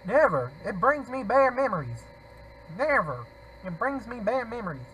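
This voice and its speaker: A man's voice: very high-pitched, very animated, moderate pace, fairly bright tone, slight background noise, full character voice, poor audio. A man doing a weak impression of a former male president while reading game dialogue lines aloud.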